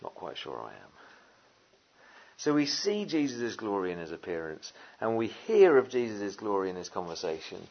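A man preaching a sermon, lively and conversational, with jokey asides and many fillers. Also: on the low side, normal speed, highs cut off. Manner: animated, jokey asides, frequent "uh" and "you know".

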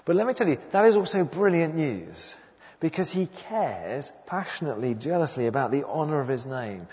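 An earnest man preaches a sermon, leaning on repeated phrases with a lively, swooping delivery. His voice carries a long reverb from a large hall. The recording itself sounds slightly muffled. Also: medium pitch.

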